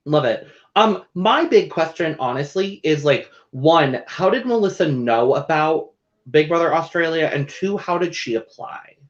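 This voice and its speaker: A man co-hosting a casual recap show, chatty and animated, with playful asides. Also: fairly high pitch, unhurried. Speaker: podcast co-host. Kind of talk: casual chat. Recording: dull lo-fi audio.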